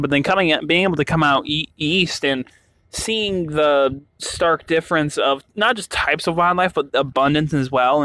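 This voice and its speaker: A man's voice: a little high, a bit bright, no echo. Rambling young man, dry close sound. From western US. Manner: rambling, full of restarts and fillers. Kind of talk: casual monologue.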